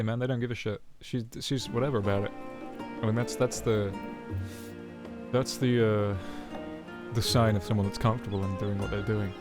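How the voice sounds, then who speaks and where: A man streaming casually, crude and joking, full of exclamations. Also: lowish voice. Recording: music playing behind.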